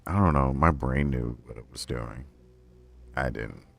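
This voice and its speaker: Very deep gravelly-voiced young man streaming. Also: unhurried, soft background music. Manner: rambling and profane, talking to himself. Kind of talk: casual livestream chat while playing a game.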